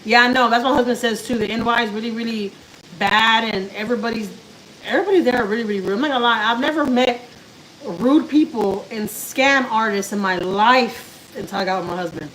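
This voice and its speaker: A chatty woman talks easily to her live-stream viewers while she cooks. Her voice sits a little high, and a faint hiss of noise and a sizzling pan carry behind her. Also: fairly quick, a bit bright, rough recording. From Houston, Texas. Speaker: vlogger doing a live stream. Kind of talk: casual chat with live viewers while cooking. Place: home kitchen.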